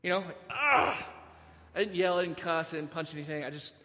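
A man preaching a sermon as pastor, moving between hushed storytelling and impassioned, near-shouted preaching. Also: on the high side, steady tone, racing, long reverb tail.

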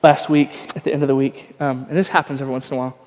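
A man's voice: medium pitch, flat delivery, racing, a little mellow, in a large hall. A man, probably in his thirties, preaching a sermon in a conversational, self-deprecating storytelling way with frequent fillers. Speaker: pastor.

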